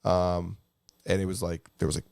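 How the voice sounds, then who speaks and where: Gravelly low-voiced man chatting casually. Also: level tone, normal speed, a little mellow, no echo, clean studio sound. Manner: laid-back, filler-heavy, swears casually. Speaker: podcast co-host. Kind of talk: casual chat.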